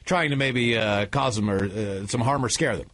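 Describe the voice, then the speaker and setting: A man's voice: fairly low pitch, normal speed, fairly bright tone. A man hosting a talk radio show, brash and sarcastic, riffing bluntly on a caller's story. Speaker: radio host.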